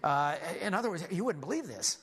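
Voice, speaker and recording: A man preaching a sermon as a lively story, animated, with frequent restarts. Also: high-pitched, a little fast, slightly rough.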